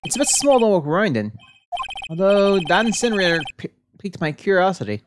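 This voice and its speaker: A woman streamer reading a video game's text aloud in a plain, low-key way, adding small asides as she plays. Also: sing-song, brisk, background noise. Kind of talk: reading game dialogue aloud while playing. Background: game music.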